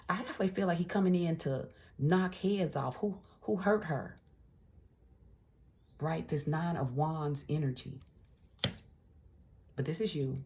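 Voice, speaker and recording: Very low-voiced excitable tarot reader woman. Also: noisy background. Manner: excitable, chatty, slips into hushed whispers. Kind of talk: excited casual tarot reading.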